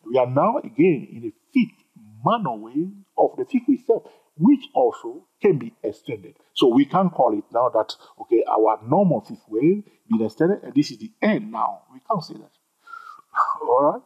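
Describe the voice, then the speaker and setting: Male trading instructor, husky, bouncy delivery with lots of repetition and jokes, on a dull lo-fi recording. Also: medium pitch, moderate pace. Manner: animated, repeats himself, jokes with viewers. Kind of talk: screen-recorded chart tutorial.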